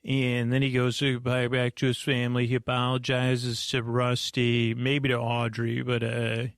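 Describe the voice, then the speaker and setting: A man slowly recapping a movie plot at bedtime, meandering with lots of fillers and restarts. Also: medium pitch, monotone, clear, resonant tone, no echo, clean studio sound. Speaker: host.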